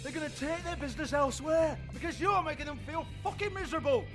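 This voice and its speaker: A man's voice: extremely high pitch, fast talker. An actor playing a foul-mouthed, bullying male club owner, snarling and berating. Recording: game audio under loud music.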